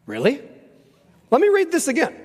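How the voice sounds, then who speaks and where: A man preaching a sermon as a pastor, emphatic and conversational, slowing down to read scripture aloud. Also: very high-pitched. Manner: emphatic, conversational, slows down when reading scripture. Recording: reverberant hall.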